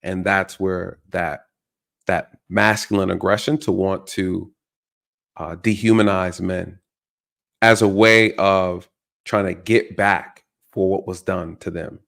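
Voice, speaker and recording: This reaction commentary comes from a man with a low, steady, slow voice that is creaky yet fairly bright. He addresses his viewers directly with emphasis, restating his points again and again for stress.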